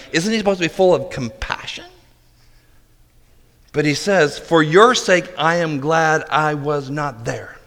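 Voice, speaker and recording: A man preaches in a bright, ringing tone, his pitch swinging widely as he plays out scenes with dramatic flair. His voice sits a bit high for a man and carries a long reverb like a large church sanctuary. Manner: dramatic, voices disciples in mock disbelief, drops to quiet intensity. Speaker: pastor. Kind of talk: sermon.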